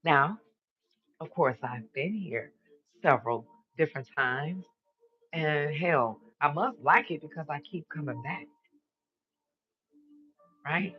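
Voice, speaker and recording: A man's voice: on the high side, expressive, slow pace, pauses often, dull audio. A man hosting a live stream, giving an emphatic spiritual monologue and repeating his declarations, with casual swearing.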